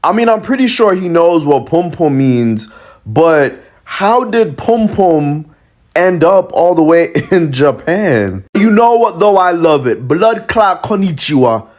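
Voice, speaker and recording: A man, hosting a reaction video and talking to camera with animated, incredulous rhetorical questions. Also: fairly high pitch, slow. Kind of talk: casual commentary to camera.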